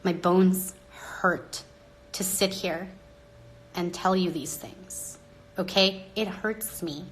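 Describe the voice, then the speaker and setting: A woman hosting a live stream into her phone, talking dramatically and with exasperation, swinging between loud outbursts and hushed asides. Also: on the low side, steady tone, takes it slowly. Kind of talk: rambling live-stream monologue.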